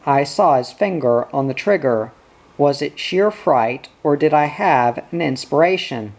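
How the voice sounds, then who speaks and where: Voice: mid-range voice, lively intonation, a little slow, darkish tone. An audiobook reader narrating a first-person spy story, voicing the characters too.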